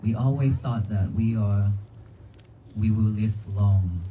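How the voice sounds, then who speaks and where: A monk giving a calm, repetitive dharma talk outdoors at a cemetery, often asking the crowd questions. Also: male voice, on the low side, slow, lo-fi sound. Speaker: Buddhist monk. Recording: noisy outdoor livestream.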